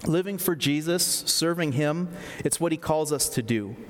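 A man's voice: on the high side, normal speed, hardly any pauses, slight background noise. A man preaching a sermon in a conversational way, with fillers and asides. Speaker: pastor. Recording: long reverb of a large hall.

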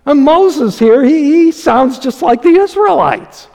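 A man's voice: very high-pitched, lively intonation, measured pace, gravelly, few pauses, mellow, in a large hall. A man preaching a sermon as pastor, reading scripture dramatically and talking animatedly with chuckles.

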